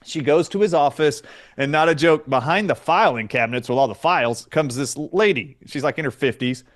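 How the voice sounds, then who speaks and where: A man tells a story as an interview guest, with lively emphasis and acted-out exchanges. His voice sits a little higher than most men's. He talks with energy and stresses his points. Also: brisk. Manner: animated, emphatic, acts out dialogue. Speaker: guest doctor.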